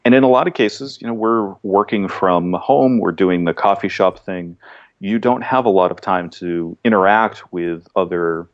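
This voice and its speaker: Male podcast guest, low voice, easygoing rambling delivery, muffled lo-fi audio. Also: normal speed. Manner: relaxed, rambling, many restarts. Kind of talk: casual interview chat.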